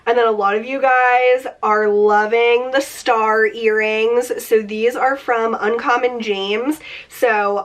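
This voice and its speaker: A woman's voice: a little high, steady tone, slow pace, hardly any pauses. Chatty, stuffy-nosed young woman vlogger. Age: 20s. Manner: chatty, upbeat, many fillers like "like". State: congested nasal voice from a cold. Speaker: beauty vlogger. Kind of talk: casual beauty favorites chat.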